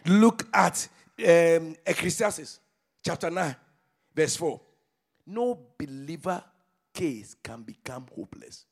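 A man preaching a sermon as pastor, with fervent call-and-response delivery that swings between shouted declarations and low murmurs. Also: animated, slow pace, gravelly.

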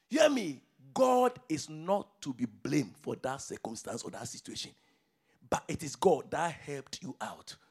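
Male pastor, gravelly edge, hugely animated pitch; fervent sermon with call-and-response, loud bursts and hushed asides. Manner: fervent preaching that swings between shouts and low murmurs, with call-and-response.

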